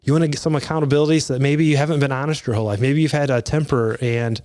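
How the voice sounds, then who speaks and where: A man's voice: medium pitch, fairly even intonation, rapid-fire, a little mellow. A man in his thirties giving earnest, conversational advice to fathers, with restarts and asides. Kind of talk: casual motivational talk.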